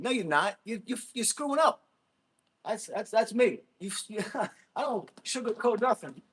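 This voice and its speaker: A man's voice: sits high, expressive, measured pace, slight background noise. A man hosting a casual livestream, blunt and mocking, laughing often as he reads chat. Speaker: livestream host reading chat. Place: gym.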